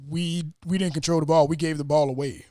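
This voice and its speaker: A man hosting a casual sports podcast, talking fast and acting out his own stunned reactions. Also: a little high, fairly even intonation, mellow, no room sound, studio quality. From Atlanta area. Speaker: podcast host.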